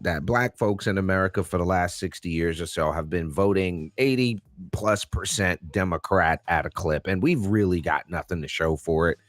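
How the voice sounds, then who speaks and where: A man co-hosting a podcast, talking in an animated, incredulous and slangy way. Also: low-pitched, no echo, clean studio sound. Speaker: podcast co-host. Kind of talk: casual commentary chat.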